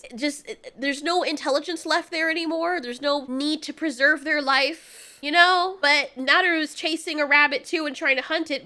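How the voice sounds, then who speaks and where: A woman's voice: sits high, bright, forceful tone. A woman giving a casual spoken movie review, sarcastic and exasperated, laughing through her asides.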